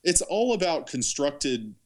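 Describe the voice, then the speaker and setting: A man's voice: a little high, very animated, a little slow, a little mellow. A man co-hosting a podcast, making analytical, argumentative points about films in casual chat. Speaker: podcast co-host. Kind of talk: casual movie review chat.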